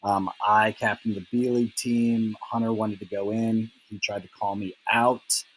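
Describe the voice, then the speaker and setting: Young male host, slightly low and husky, rambling and ribbing his friends, filler-heavy. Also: flat delivery, unhurried, low-quality recording. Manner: teasing, lots of "like" and "um" fillers. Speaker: fantasy football recap host. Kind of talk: casual rambling recap.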